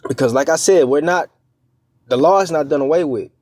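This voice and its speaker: A man giving informal scripture teaching as a preacher. He talks conversationally, often checking in with "all right?" and "man", halts on fillers and restarts, and reads verses slowly and deliberately. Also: on the high side, darkish tone. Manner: halting, with many fillers and restarts.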